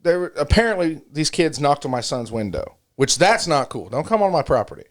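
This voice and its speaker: A man's voice: on the high side, big pitch swings, fairly quick. A middle-aged man on a casual podcast, telling a joking, profane story. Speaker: podcast co-host. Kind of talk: casual chat.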